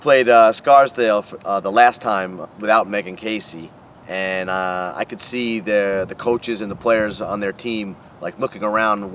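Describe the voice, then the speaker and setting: Man looking back on the team, lowish voice, a bit of background noise. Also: normal speed, a bit bright. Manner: reflective, with fillers. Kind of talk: interview recollection.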